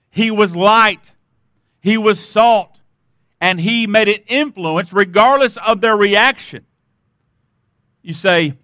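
Slow, bright-voiced male preacher. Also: high-pitched, dry recording, clean studio sound. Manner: emphatic, rhetorical questions, repeated "listen". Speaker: pastor. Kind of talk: sermon.

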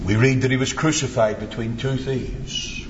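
A man preaching a sermon in a slow, dramatic style, swinging from soaring to hushed. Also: mid-range voice, steady tone. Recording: dull, echoey hall recording with faint hiss.

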